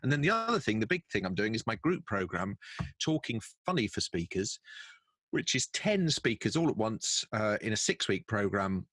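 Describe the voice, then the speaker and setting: Low-voiced jokey middle-aged Englishman. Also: big pitch swings, fairly bright tone, husky, dry recording. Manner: jokey storyteller, quick wry asides. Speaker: guest, professional speaker and announcer. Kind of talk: casual conversational interview. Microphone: video call.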